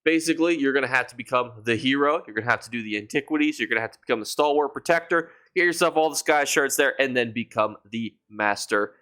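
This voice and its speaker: Game-guide YouTuber, male, mid-pitched, casual and enthusiastic with his audience. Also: fast, few pauses, bright, forceful tone, clear, resonant tone. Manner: chatty and enthusiastic, addresses viewers as "you guys". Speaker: gaming YouTuber.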